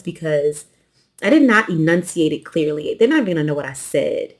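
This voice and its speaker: A New York woman with a light Southern US accent and a low voice talks a little fast as she hosts a quilting channel. She chats casually through an unboxing, relaxed and rambling, and sometimes swallows her consonants.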